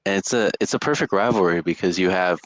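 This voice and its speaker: A man's voice: deep voice, brisk, no echo. A young man co-hosting a casual sports podcast, rambling with lots of fillers and restarts. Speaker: podcast co-host.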